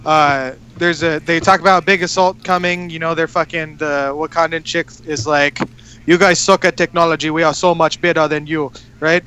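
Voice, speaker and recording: A man with a high, bright and crisp voice talks in a loose, casual way. He recaps a story in long rambling runs, full of swearing and fillers. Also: level tone, moderate pace. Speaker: podcast co-host. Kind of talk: casual chat.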